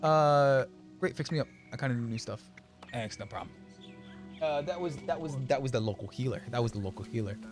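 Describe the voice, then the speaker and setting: A young man streaming a game and chatting casually, rambling with many restarts and quick laughs. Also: mid-range voice, soft background music. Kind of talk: casual chat while gaming.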